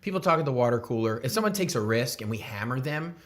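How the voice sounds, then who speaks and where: A man's voice: mid-range voice, animated, quick pace, a bit bright. A man who leads a church, talking earnestly about leadership as a podcast guest. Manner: earnest, reflective, gives examples. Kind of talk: casual podcast interview.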